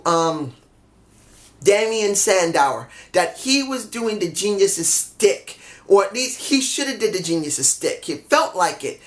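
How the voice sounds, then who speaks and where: A man casually reviewing a wrestling show, excitable, swearing freely and laughing often. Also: high-pitched.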